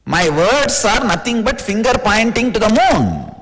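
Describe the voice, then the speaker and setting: Man with an Indian accent, high voice, sing-song delivery, spiritual discourse, long hall reverb. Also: sing-song, a little slow, a bit bright. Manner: playful, teasing, plain-spoken. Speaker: spiritual teacher.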